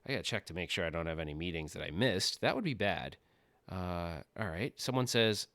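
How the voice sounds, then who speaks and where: A man's voice: sits low, expressive, fairly quick, fairly bright tone, no room sound. A man hosting a casual livestream from his home office, rambling and joking, often laughing at himself. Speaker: livestream host.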